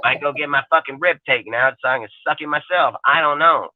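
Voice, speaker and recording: A man in his forties delivers a crude, heated sports rant, swearing nearly every line and wandering from point to point. His voice sits a little high. The audio is dry and thin, like a phone call. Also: fast, no echo. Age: 40s. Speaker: podcast co-host. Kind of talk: profane sports talk rant.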